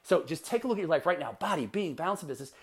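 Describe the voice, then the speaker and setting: High-voiced man giving a punchy pep talk. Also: very fast. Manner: energetic, punchy, repeats rhetorical questions. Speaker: podcast host and life coach. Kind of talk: motivational podcast monologue.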